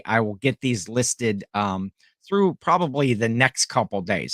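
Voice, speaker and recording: A man's voice: medium pitch, a bit bright, no room sound, clean studio sound. A man hosting a casual livestream, rambling in a friendly way and chatting with his viewers. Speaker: livestream host and online reseller.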